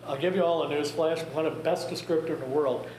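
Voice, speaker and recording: A man talks to a group in a conversational, wry way, dropping in jokes. His voice sits a little high. The room is echoey, with a faint hiss underneath. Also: fairly even intonation, fast talker, darkish tone. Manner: wry, conversational, joking asides. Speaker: grief presenter. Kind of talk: talk to a group. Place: church meeting room.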